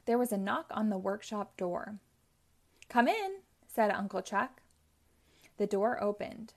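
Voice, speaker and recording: A woman narrating a children's chapter book aloud in a clear, steady storytelling manner. Her voice sits at a middle pitch and keeps an even pace for young listeners. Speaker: storybook reader.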